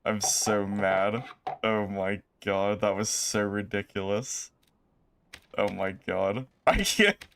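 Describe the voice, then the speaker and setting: A man's voice: fairly low pitch, level tone, slow, vocal fry, a little hiss or hum. A man streaming a video game live, commenting with exasperation and talking to his chat. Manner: exasperated, lamenting, talks to chat.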